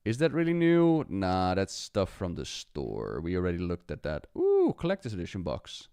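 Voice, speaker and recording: Excitable male streamer. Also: deep voice, normal speed, gravelly, clean tone, dry recording, clean studio sound. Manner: chatty, excitable, talks to the game and chat. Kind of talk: casual live-stream commentary.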